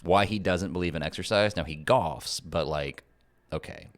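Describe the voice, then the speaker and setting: A man from North Carolina co-hosting a casual political podcast, talking in an animated way and often restarting his sentences. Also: low-pitched, moderate pace. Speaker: podcast co-host.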